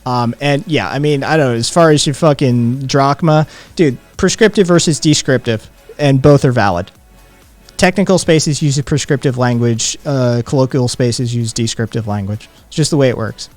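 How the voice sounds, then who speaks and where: A man's voice: mid-range voice, moderate pace, darkish tone, soft background music. Sarcastic man bantering on stream. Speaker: streamer co-host. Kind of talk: casual live-stream chat.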